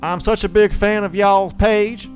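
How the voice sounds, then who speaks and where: A man voicing an earnest male Southern fan reading out his comment, in a put-on American Southern accent and a raised pitch. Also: steady tone, a little slow, soft background music.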